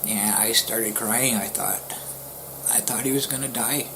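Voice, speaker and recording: A man vlogger telling a personal story in a somber, halting way, often pausing, restarting and dropping to a near-whisper. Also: mid-range voice, steady tone, noisy background. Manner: halting and soft-spoken, with pauses, restarts and dips into near-whispers; somber, grieving tone. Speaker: YouTuber.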